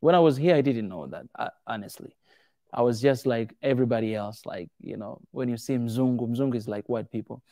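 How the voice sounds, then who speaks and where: A man's voice: medium pitch, brisk, no room sound, studio quality. Man telling stories to a small crowd. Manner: animated, acts out quoted voices. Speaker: speaker answering audience questions. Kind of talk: casual storytelling talk.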